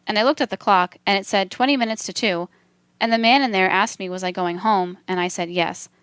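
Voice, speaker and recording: A woman reading a transcript aloud for a documentary in a measured, steady delivery. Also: mid-range voice, clear, resonant tone, dry recording. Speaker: documentary reader.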